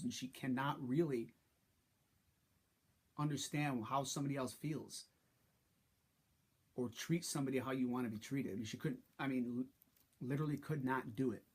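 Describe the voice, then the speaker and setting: Man, vlog confessional, husky tone, halting and frustrated delivery. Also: medium pitch, a little mellow. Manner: halting and frustrated, many restarts. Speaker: vlogger. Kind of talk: personal story.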